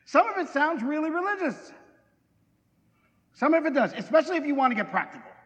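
A man's voice: very high-pitched, very animated, a little fast, a bit bright. A middle-aged man preaching a sermon in a conversational, joking way, putting questions to his congregation. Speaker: pastor. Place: church hall. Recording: long hall reverb.

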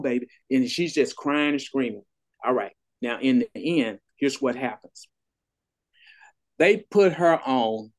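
Older lawyer telling a story. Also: male voice, medium pitch. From Texas. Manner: animated storyteller, acts out quoted voices. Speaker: trial lawyer. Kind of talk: storytelling in a podcast interview.

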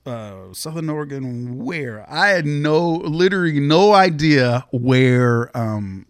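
Male guest, slightly high voice, dry close sound, chatty storyteller. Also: slow, clean tone, no room sound. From Pacific Northwest, US. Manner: rambling, lots of fillers, animated when quoting others. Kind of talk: casual storytelling interview.

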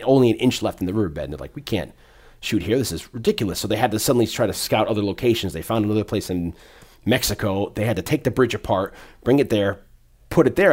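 A man in casual podcast chat, retelling a film scene by scene in a rambling, animated way with many fillers. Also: lowish voice.

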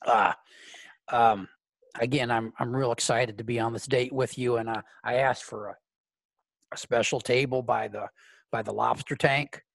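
A man puts on a scratchy-voiced, brash fellow in rhinestones and a mullet, smitten and blunt. The voice sits low and rough, with a hesitant stammer and a crude edge. It sounds dry and close. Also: fairly even intonation, moderate pace, no room sound. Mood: nervous.

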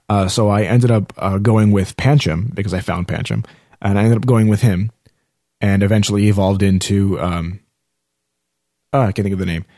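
Rambling man, low voice, dry sound. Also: a little mellow, dry recording. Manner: rambling, many fillers and self-corrections. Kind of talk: casual video game talk.

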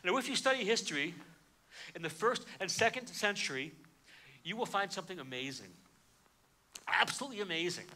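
A man preaching a sermon, emphatic, swinging between hushed and loud delivery. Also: high-pitched, sing-song, a little fast, long pauses.

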